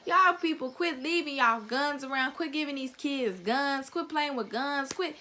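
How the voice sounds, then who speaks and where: A woman's voice: high voice, measured pace, pushed and bright. A young woman vlogger giving a heated, profane opinion rant straight to camera, blunt and emphatic.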